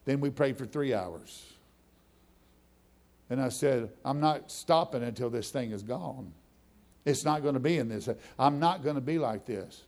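A man's voice: mid-range voice, expressive, moderate pace, darkish tone. A middle-aged man preaching a testimony sermon, telling his story in a conversational way that builds into fervent preaching.

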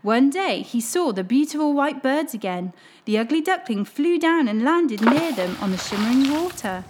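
A woman hosting a children's story show, reading a storybook aloud in an expressive, animated way. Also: high voice, normal speed, noisy background. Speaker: children's story reader, host.

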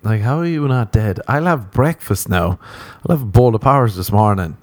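A man's voice: mid-range voice, expressive, normal speed, no room sound. A man hosting a casual solo podcast, rambling, swearing and mocking himself, often laughing. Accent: non-American. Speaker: podcast host.

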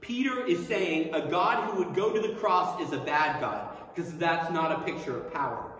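A man's voice: on the high side, moderate pace. Male pastor, sermon delivery, long hall reverb, faint room noise. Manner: acts out quoted voices with lively swings. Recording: very echoey hall, mic far off.

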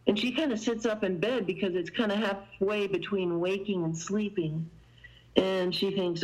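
A woman's voice: mid-range voice, steady tone, normal speed, a little mellow, rough recording. Woman guest, chatty storyteller, wanders with fillers, mid-range voice. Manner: meandering, many "you know" fillers. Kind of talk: conversational storytelling.

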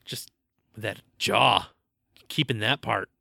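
A man's voice: lowish voice, slow, creaky, sharp tone, breathy edge, no echo, studio quality. A man co-hosting a casual movie-review podcast, joking and recapping the plot with stumbles and laughs. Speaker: podcast co-host.

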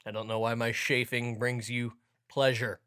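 A man's voice: mid-range voice, flat delivery, moderate pace, a bit bright, clean tone. A young man hosting a casual sports podcast, joking around and playing up a mock ad read. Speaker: podcast host.

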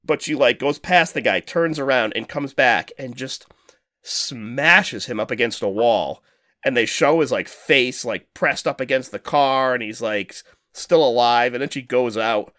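Chatting loosely as a podcast co-host, a man drifts from point to point, swearing a lot and letting out quick laughs. His mid-range voice is fairly bright, dry, and close to the mic, with no echo.

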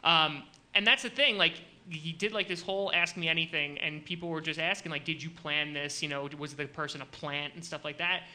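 A man hosting a comedy podcast, telling animated stories in casual chat with many filler likes. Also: on the high side, fairly quick, hardly any pauses. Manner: animated storytelling, frequent likes.

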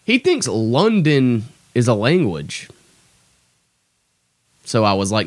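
Very animated but slow, with long pauses, the young comic's mid-range voice comes through with no echo. On his podcast he lets loose a casual rant full of swearing, frustration and self-deprecation.

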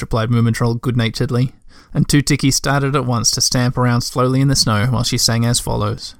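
A man's voice: mid-range voice, little pitch movement, brisk, hardly any pauses, dry recording, studio quality. A man reading a children's book aloud, breaking off for chatty asides to listeners. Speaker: reader.

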